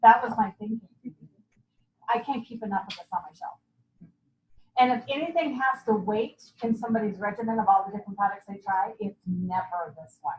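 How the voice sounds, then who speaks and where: A woman giving a lively, chatty sales training talk to a group, laughing often and acting out what customers say. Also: medium pitch, fairly quick, slight background noise. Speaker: guest speaker. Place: meeting room. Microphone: far from the mic. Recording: echoey, dull, distant room recording.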